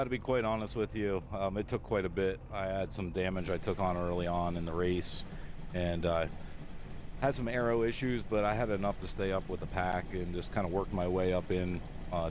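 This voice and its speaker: A man's voice: low voice, background noise. A man giving a post-race interview as a driver, answering hesitantly with many fillers.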